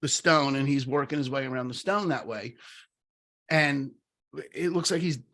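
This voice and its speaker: A middle-aged man co-hosting a podcast, talking casually and telling a story, animated, with many fillers and restarts. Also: medium pitch, moderate pace. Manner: animated, lots of fillers and restarts, acts out quoted voices. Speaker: podcast co-host.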